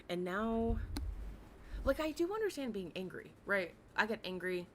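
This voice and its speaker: A young adult woman with a raspy voice, chatting casually and rambling on a livestream, often giggling, with many fillers. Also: medium pitch, lively intonation, normal speed, a bit bright, slight background noise. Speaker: livestream commentary host.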